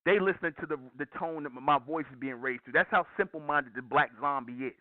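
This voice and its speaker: A man's voice: a little high, brisk, dry recording. Man, channel host, impassioned raised-voice preaching monologue, tinny phone-like audio. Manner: raised, declaiming voice, hyped up.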